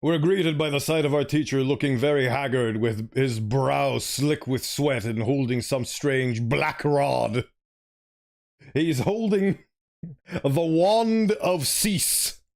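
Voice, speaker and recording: A man's voice: medium pitch, slow, creaky. A man streaming a story game, reading it aloud and chatting animatedly, sometimes fumbling for words.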